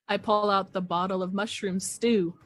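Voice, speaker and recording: A woman's voice: medium pitch, dry recording. A woman playing a tabletop game, talking urgently in character and laughing often. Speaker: player.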